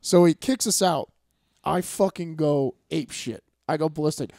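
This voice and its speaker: A man in his thirties telling a profane story in casual chat, acting out the people in it and shouting some of their lines. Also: a little high, moderate pace, dry recording, clean studio sound. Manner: animated, profane storyteller acting out quotes loudly. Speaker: fighter and podcast guest.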